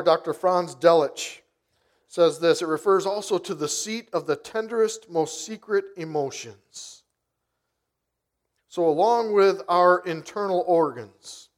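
A man preaching a sermon, reading scripture softly and slowly, then stressing key words with rising force. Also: a little high. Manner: emphatic, rising to loud stresses. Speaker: pastor.

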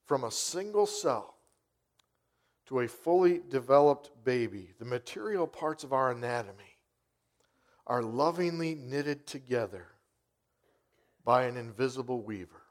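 A man preaching a sermon, reading scripture softly and slowly, then stressing key words with rising force. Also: medium pitch, lively intonation. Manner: emphatic, rising to loud stresses. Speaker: pastor.

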